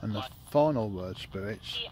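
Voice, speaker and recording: A man running a ghost hunting session outdoors at night, talking slowly and calmly to coax spirits. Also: fairly low pitch. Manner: calm, coaxing, speaks slowly to spirits. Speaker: paranormal investigator. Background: faint noise of passing traffic.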